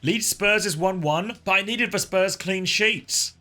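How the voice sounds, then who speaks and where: A man's voice: high-pitched, measured pace, bright, forceful tone, faint music behind. A man co-casting an esports match in casual chat, laughing often and swearing casually. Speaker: esports co-caster.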